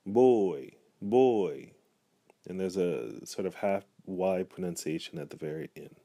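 A man's voice: deep voice, fairly even intonation, normal speed, gravelly, mellow, dry recording. A man giving a pronunciation lesson, speaking patiently and repeating each example word. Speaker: language teacher. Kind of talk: pronunciation tutorial.

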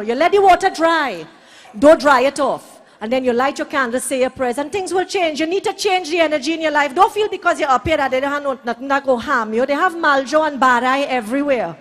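A Trinidadian woman doing bawdy live stand-up comedy, brash storytelling with shouted punchlines on a hall stage. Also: sits high, a little hiss or hum.

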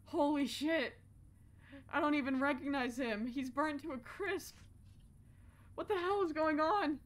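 A young woman streaming horror games, jumpy and profane, swinging from low muttering to sudden shouts. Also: unhurried. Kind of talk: live-stream gameplay commentary.

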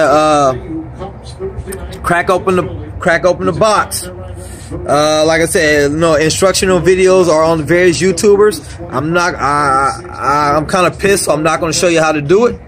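Angry, foul-mouthed man repairing electronics. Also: a little high. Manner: angry, swearing constantly, rambling. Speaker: vlogger repairing a console power supply. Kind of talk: profane casual repair vlog.

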